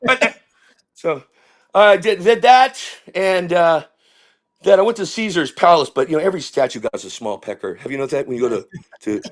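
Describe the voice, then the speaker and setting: A middle-aged man, a comedian, telling rambling stories in an animated way and dropping into voices. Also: on the high side, moderate pace. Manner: rambling, jumps into impressions and character voices. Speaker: comedian guest.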